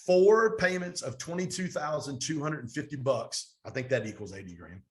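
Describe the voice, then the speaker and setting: A middle-aged man, a business coach and guest on an interview show, telling stories with energy and acting out the quoted talk of others. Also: on the high side. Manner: energetic, fast storytelling with animated quoted dialogue. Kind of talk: storytelling interview.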